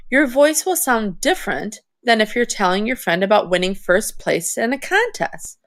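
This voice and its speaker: A woman teacher giving a recorded reading lesson, speaking in a clear, deliberate classroom manner and addressing her students directly. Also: mid-range voice.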